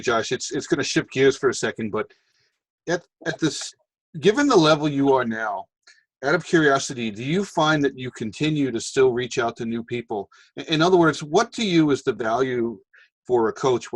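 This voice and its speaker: A man hosts a team call in a dry, close sound. He puts polite, halting questions to his guest. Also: medium pitch, no echo. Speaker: host, team coach.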